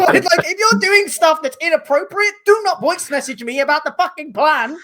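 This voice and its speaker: A man's voice: extremely high pitch, moderate pace, few pauses, over a noisy crowd. A man, a wrestling manager, joking crudely and swearing over a video call. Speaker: tag team manager guest.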